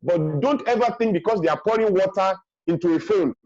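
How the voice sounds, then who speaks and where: A man's voice: sits high, a little fast, darkish tone, dry recording. A man giving emphatic parenting advice on a webinar, repeating his key points and acting out what parents say. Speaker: guest speaker on parenting. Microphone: video call. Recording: dull lo-fi online call audio.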